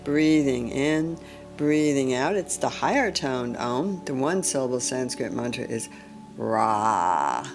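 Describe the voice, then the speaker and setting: A woman leading a guided chakra meditation in a calm, gentle way, often clearing her throat. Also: very deep voice, slow pace, soft background music. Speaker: meditation teacher.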